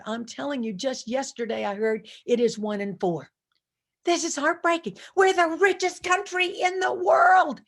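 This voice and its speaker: Emphatic, high-voiced woman motivational speaker. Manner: emphatic and energetic, repeats slogans and asks the audience to join in. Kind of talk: motivational conference talk. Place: virtual conference over video call.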